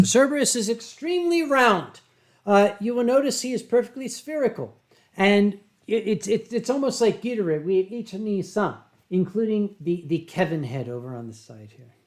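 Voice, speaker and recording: A man from Pennsylvania hosting a casual livestream from home, reading viewer comments and telling stories with drawn-out dramatic emphasis into a webcam mic. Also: high voice. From Pennsylvania, USA. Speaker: livestream host.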